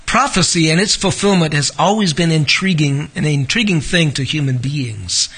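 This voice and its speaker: A male preacher with a high, forceful voice works through a passage of scripture. He stops often to comment and asks his congregation pointed rhetorical questions. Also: moderate pace, husky. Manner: reads scripture aloud and comments in between. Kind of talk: expository sermon.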